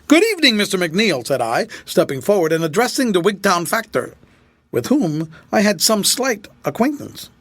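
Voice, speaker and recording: Expressive male audiobook narrator, lively pitch. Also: normal speed, no echo.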